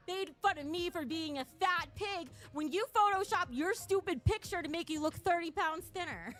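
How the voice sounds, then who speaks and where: A woman's voice: extremely high pitch, moderate pace, few pauses, fairly bright tone, faint music behind. A woman streamer ranting casually on a livestream, profane and taunting, a little out of breath.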